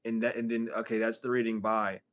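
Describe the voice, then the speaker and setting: A man talking straight to camera in a casual, profane spiritual vlog, animated and laughing between thoughts. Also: lowish voice, a little fast. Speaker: tarot reader and healer.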